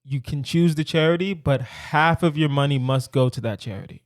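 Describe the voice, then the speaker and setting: A man's voice: on the high side, moderate pace, no echo, studio quality. A man hosting a casual podcast chat, playful and teasing, laughing easily as he explains a question. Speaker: podcast host.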